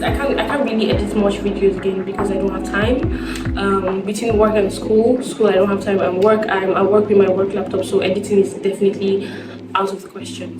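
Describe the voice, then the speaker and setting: A young adult woman vlogging in a casual sit-down chat, telling stories and acting out conversations. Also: mid-range voice. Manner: chatty storytelling, acts out conversations. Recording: roomy sound from a distant mic with music.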